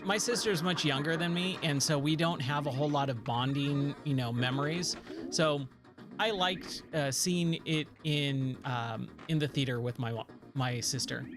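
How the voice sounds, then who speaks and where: Chatty man gaming over loud music. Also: a little high. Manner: rambling, chatty, easily sidetracked. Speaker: streamer playing arcade games. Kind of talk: casual chat while gaming. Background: game music.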